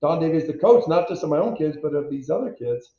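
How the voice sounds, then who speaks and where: A man in his fifties from the United States, a former pro football player telling stories as an interview guest, animated and self-deprecating, acting out quotes. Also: a little high, fast. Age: 50s. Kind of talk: candid storytelling interview. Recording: echoey, dull lo-fi audio.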